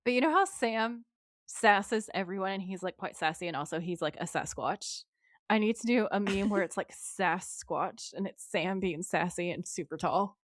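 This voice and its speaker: A woman's voice: normal speed, no echo, clean studio sound. A woman co-hosting a podcast, recapping an episode in casual chat, laughing often and swearing freely. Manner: drops into a lower voice to act out quoted lines. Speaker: podcast co-host.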